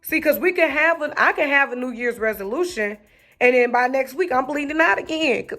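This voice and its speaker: A woman's voice: high-pitched, lively intonation, fairly quick, pushed and bright, faint music behind. A woman preaching an encouraging sermon, rhythmic and repetitive, with casual slang. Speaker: online preacher.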